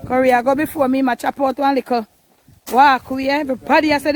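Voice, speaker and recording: Jamaican woman vlogger, high-voiced, casual Patois narration, faint noise behind. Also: steady tone, a little fast. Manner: chatty, coaxing, in Jamaican Patois.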